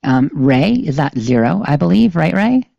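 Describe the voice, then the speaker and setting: A podcast co-host chatting casually from a home streaming setup, rambling with lots of ums and quick laughs. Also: mid-range voice, big pitch swings, vocal fry, warm tone, dry recording. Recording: slightly dull sound.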